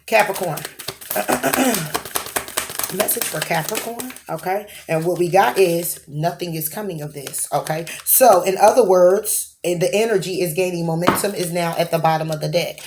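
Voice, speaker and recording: A woman's voice: fairly low pitch, moderate pace, noisy background. Rambling woman reading tarot cards. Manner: keeps checking in with a questioning "okay?"; rambling, rephrases as she goes. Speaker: tarot card reader.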